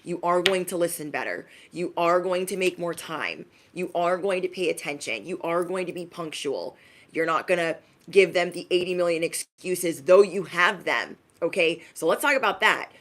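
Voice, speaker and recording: A woman's voice: on the low side, expressive, normal speed, fairly bright tone. A woman giving a casual spiritual message to her viewers as an intuitive reader, in a chatty, emphatic, slangy way.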